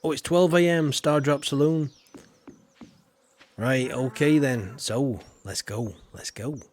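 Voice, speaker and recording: A man's voice: medium pitch, takes it slowly, a little mellow, slight background noise. A man streaming a farming game live, chatting casually and answering viewer comments as he plays.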